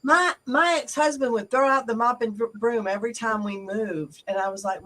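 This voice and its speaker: Woman, Southern accent, folksy, joking, bright voice, set back from the mic. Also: fairly high pitch, fairly quick, few pauses, recorded from a distance, low-quality recording. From American South. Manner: folksy, joking, laughs easily. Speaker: co-host. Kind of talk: casual chat.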